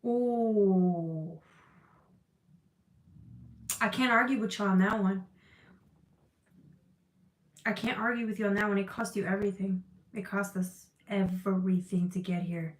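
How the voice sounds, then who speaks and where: A woman's voice: mid-range voice, steady tone, moderate pace, pauses often, echoey room, poor audio. A woman giving a tarot reading to her viewers, emotional and tearful, swearing freely and calling them y'all. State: crying. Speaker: tarot reader.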